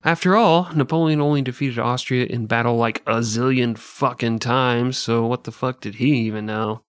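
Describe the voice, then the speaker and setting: A man's voice: mid-range voice, normal speed, clean tone, no room sound, studio quality. A man co-hosting a comedy podcast, sarcastic and profane in casual banter. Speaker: podcast co-host.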